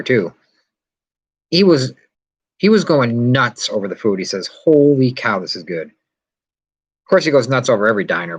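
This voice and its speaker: A man hosting a casual live stream from inside a yurt, rambling and chatting as he answers viewer comments. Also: medium pitch. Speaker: vlog host.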